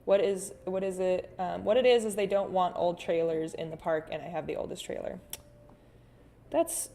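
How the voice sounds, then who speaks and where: A woman's voice: lowish voice, steady tone, moderate pace, gravelly, a little hiss or hum. A woman hosting an art livestream in a casual, rambling chat, reading out viewer comments as she draws. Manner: chatty and rambling, with frequent restarts and sudden soft hums. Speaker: artist livestream host.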